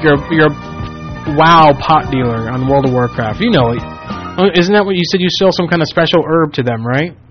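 A man's voice: on the high side, moderate pace. A man hosting a casual radio show, rambling, joking and mimicking callers. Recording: muffled radio sound with faint music.

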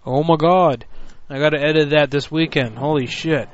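A man hosting a prank call show, talking in a loud, brash and joking way. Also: fairly high pitch, moderate pace, highs cut off. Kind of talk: casual prank call banter.

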